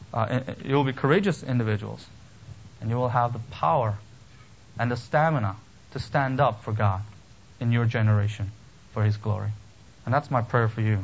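A middle-aged man preaching a sermon, earnest and steady, rising to emphatic peaks with touches of gentle humor. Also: mid-range voice, muffled recording. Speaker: pastor.

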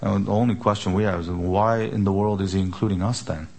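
A man preaching an expository sermon, emphatic, asking rhetorical questions and slowing down on key words. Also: on the low side, steady tone, vocal fry, darkish tone. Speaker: pastor.

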